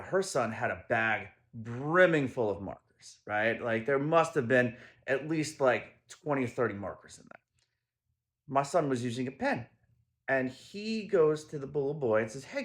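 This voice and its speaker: A man telling a personal story in a casual monologue, animated, dropping to low murmurs and then rising to loud emphasis.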